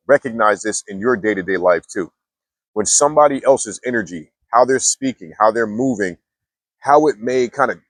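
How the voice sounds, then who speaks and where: Young male vlogger, mid-pitched, casual and slangy, full of restarts, dry close mic. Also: husky, dry recording. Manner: laid-back slangy talk with many restarts. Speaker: mindfulness vlogger. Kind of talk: casual storytelling monologue.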